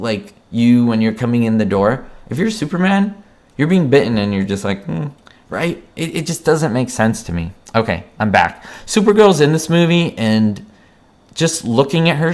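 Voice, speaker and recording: A man talking through his opinion of a film in a casual, heartfelt review. His voice sits at an ordinary middle pitch, and he keeps circling back on words as he argues his point. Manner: passionate, repeats words and asks "right?".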